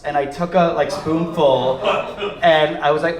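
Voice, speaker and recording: A man's voice: a little high, fairly quick. A man performing a stand-up comedy set with a wry, rambling, self-mocking delivery, live in a theater. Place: theater stage, live audience. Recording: echoey theater, far mic, crowd laughter.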